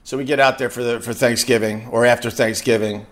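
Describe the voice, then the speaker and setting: A man's voice: mid-range voice, fairly even intonation, brisk. A middle-aged man, a podcast host, telling a long casual story and stumbling over and repeating his words as he goes.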